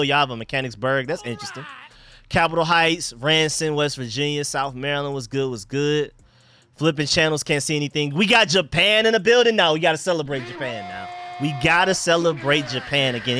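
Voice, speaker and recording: A young man from Atlanta chats through a live stream with a bright, crisp voice pitched a little high. His slangy banter bounces from loud shout-outs to low asides, and his close mic sounds dry. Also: no echo. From Atlanta, Georgia. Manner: loose slangy banter, repeats phrases, swings between hype and mumbles. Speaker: livestream host.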